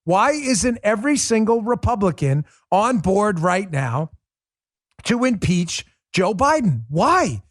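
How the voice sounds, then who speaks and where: Male political host, combative ranting style, slightly high voice, dry close sound. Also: sing-song, slow pace, no room sound. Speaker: political talk show host. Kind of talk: heated political commentary monologue.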